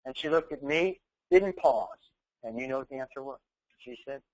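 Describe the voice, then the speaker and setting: A man speaking to an audience, telling a story and voicing every line of its dialogue with plenty of emphasis. His voice sits on the higher side for a man. He leans hard on key words when he drives a point home. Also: wildly swooping pitch, fairly quick, gravelly, a little mellow, rough recording. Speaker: keynote speaker. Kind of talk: motivational speech.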